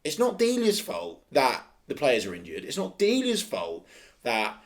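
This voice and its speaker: Animated man arguing about football. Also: mid-range voice, measured pace. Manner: passionate, defensive, repeats phrases for emphasis. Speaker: podcast co-host. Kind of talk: casual football chat.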